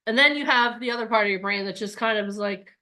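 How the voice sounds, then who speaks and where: A woman's voice: medium pitch, fast talker, bright, forceful tone. A woman coaching an online bootcamp, talking in an upbeat, chatty way and acting out the voices of people's inner thoughts. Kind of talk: live online workshop talk.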